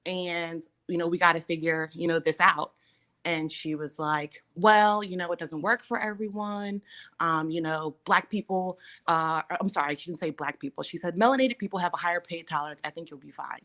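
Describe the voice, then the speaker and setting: A low-pitched woman hosts a casual chat, telling a personal story briskly and with lots of animation. She acts out the people she quotes and laughs between lines.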